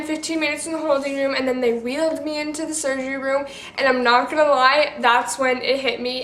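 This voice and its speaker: A woman's voice: high voice, fairly bright tone, reverberant. A teenage girl vlogger telling a personal story to camera in a rambling, casual way, full of "like" and restarts.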